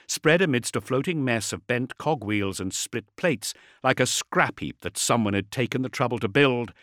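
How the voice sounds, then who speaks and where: A man reading a story aloud as scripted narration, with an expressive, dramatic delivery. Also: medium pitch, no echo, studio quality. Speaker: audiobook narrator.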